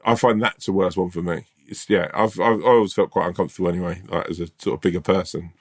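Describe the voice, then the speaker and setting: A man's voice: deep voice, fairly even intonation, fast talker. A man co-hosting a podcast, talking casually and storytelling with lots of restarts and quoted voices. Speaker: podcast co-host. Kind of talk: casual chat.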